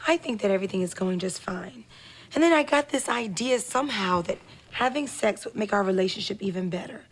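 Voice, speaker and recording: A woman's voice: mid-range voice, animated, brisk, lightly acted. An actress playing a quirky, sweet young woman in a 1990s sitcom, bubbly and giggly. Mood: nervous. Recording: noisy audio played from a TV show.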